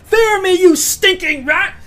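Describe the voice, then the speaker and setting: A woman voicing a cruel male villain lord in a tabletop game, shouting sneering threats. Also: very high-pitched, unhurried, pitched above the performer's own voice. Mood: menacing.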